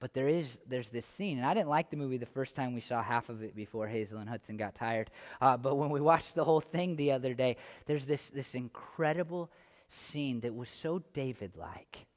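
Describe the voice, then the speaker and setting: A male pastor preaching a sermon in a church, chatty and self-deprecating, then building to loud, impassioned stretches. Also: medium pitch, normal speed, big-room sound. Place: church sanctuary.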